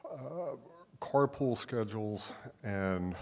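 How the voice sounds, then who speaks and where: A man telling a personal story in a slow, measured way. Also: on the low side, lively intonation, a little mellow. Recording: long hall reverb.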